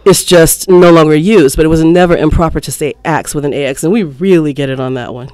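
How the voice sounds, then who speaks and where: Man, radio host, lively and explaining, fairly high voice, smooth clear tone, studio mic. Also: quick pace, no room sound. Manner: lively, laughs often, explains with examples. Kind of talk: casual radio talk. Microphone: studio microphone.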